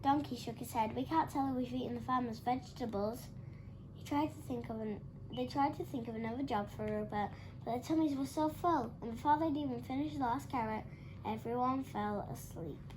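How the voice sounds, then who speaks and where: A woman reads a children's picture book aloud in a high, bright register. She is animated and expressive throughout. A faint hiss of background noise sits under her voice. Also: fairly quick. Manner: animated, gives characters lively voices. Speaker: storybook reader.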